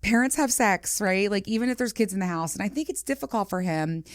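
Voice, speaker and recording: A woman's voice: mid-range voice, expressive, brisk, no echo, clean studio sound. A woman in her forties hosting a podcast, talking frankly and explicitly in casual chat with many fillers. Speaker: podcast host.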